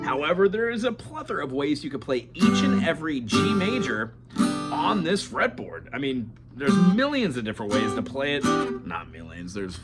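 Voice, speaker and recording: A man teaching beginner acoustic guitar in a chatty, digressive way, now and then singing bits of songs as he plays. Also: medium pitch. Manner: chatty, digressive, breaks into song while playing. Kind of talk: casual guitar lesson with sung examples. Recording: loud guitar under the voice. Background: acoustic guitar playing.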